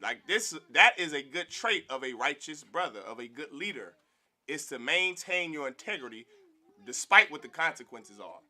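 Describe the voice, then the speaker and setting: Bright-voiced man preaching a Bible class. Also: on the high side, moderate pace. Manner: animated, calls for response, mimics others. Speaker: class teacher.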